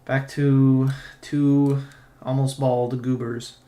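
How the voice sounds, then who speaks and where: A man's voice: medium pitch, level tone, very slow, warm tone, faint music behind. Young guy ranting on stream, swears a lot, sarcastic, echoey room. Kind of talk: casual live-stream commentary. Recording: roomy echo.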